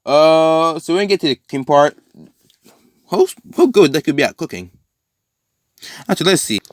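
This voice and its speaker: A man casually improvising a fan-fiction story aloud, rambling and correcting himself with lots of fillers, now and then dropping into quick character quotes. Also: fairly high pitch, lively intonation, no room sound, clean studio sound.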